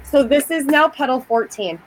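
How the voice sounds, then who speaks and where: Emphatic, cursing woman with a higher voice. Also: lively intonation, normal speed, noisy background. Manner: emphatic and swearing often. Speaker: guest describing a haunting. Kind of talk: casual chat.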